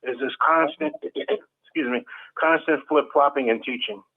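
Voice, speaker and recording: A man's voice: fairly high pitch, wildly swooping pitch, unhurried, gravelly. Earnest man on a tinny line. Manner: earnest, stammers and restarts. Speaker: ex-Jehovah's Witness panelist. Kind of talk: casual group chat.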